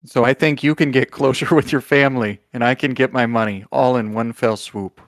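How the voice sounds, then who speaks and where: A man playing a scheming grifter father in a tabletop role-play game, doing an Australian accent, drawling and halting with fillers. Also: medium pitch, steady tone, dry recording, close to an everyday voice. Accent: attempted Australian.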